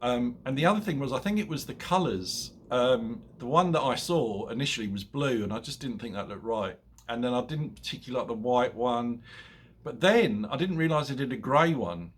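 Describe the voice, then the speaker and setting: A husky-voiced man in his fifties chats to camera from his home, hungover after a night's drinking. He tells stories in a rambling, self-mocking way and laughs at his own jokes. His pitch sits in the middle of the male range. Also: lively intonation, a little fast. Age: 50s. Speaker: motorcycle vlogger. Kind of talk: casual chat to camera. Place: at home, indoors.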